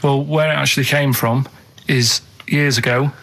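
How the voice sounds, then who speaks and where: A man with a Manchester accent, talking deadpan and rambling on a comic radio show. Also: medium pitch, normal speed. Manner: deadpan, rambling, flat-toned.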